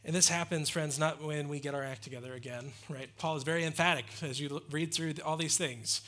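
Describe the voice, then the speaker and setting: A man's voice: a little high, fairly even intonation, a little fast, few pauses, fairly bright tone. A man preaching a sermon in an earnest, emphatic way, asking rhetorical questions and answering them. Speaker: pastor.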